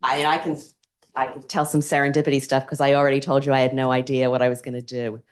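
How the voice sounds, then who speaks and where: A woman, an alumna panelist telling lively stories and acting out the people in them. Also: very deep voice, quick pace. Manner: animated storyteller acting out quotes. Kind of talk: storytelling on a panel.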